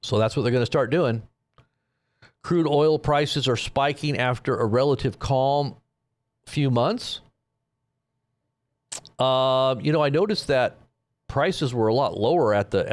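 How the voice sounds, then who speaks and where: Man, live stream commentator, sarcastic, rambling, animated pitch. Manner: sarcastic, rambling, with frequent restarts.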